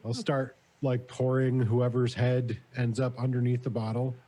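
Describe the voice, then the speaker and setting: A man's voice: medium pitch, flat delivery, a little slow, mellow. Stammering man playing a tabletop game. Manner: stammering, repeats words, laughs. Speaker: player. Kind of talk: tabletop role-play.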